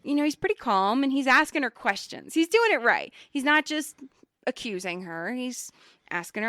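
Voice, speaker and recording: A woman co-hosting a podcast, telling workplace stories in a casual, animated way, swearing freely and acting out what people said. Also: mid-range voice, normal speed, no room sound. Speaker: podcast co-host. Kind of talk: casual storytelling chat.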